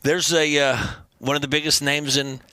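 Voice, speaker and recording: A man guesting on a podcast, telling animated, profane band stories in casual chat. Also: on the high side, normal speed, smooth, no room sound. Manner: animated, profane, acts out quotes in loud voices. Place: podcast studio.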